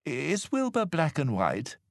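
A man voicing excitable young elephants in a storybook reading. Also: fairly high pitch, takes it slowly, gravelly, dry recording, clean studio sound, pitched above the performer's own voice, full character voice. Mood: eager. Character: eager, giggly young elephants.

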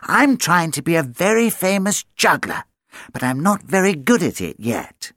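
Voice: medium pitch, big pitch swings, normal speed, a bit bright, dry recording, clean studio sound. A storyteller voicing a small, friendly male dog who wants to be a juggler, in a chirpy, bouncy way. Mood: cheerful. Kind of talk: storybook read-aloud.

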